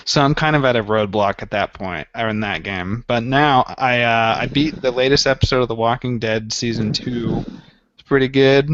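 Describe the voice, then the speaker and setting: A man co-hosts a laid-back gaming podcast, rambling through stories and acting out what was going through his head back then. His voice is medium-pitched and a little bright at a normal pace, captured in a dull, dry, slightly lo-fi recording.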